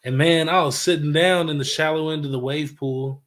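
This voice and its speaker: A man's voice: on the high side, steady tone, fairly quick, a bit bright. A man in his thirties, a father of young kids, telling crude, joking stories in casual podcast chat. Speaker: podcast co-host.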